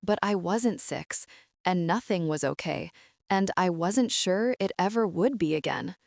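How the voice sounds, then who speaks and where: Woman narrator, lowish voice, even measured delivery, dry close recording; scripted story read. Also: creaky, dry recording.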